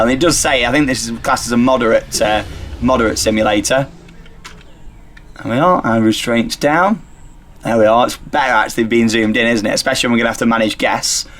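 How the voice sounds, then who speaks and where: A man's voice: mid-range voice, fairly bright tone. A man giving casual, upbeat gameplay commentary as he operates a ride simulator, talking himself through each step. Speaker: theme park YouTuber playing a ride simulator.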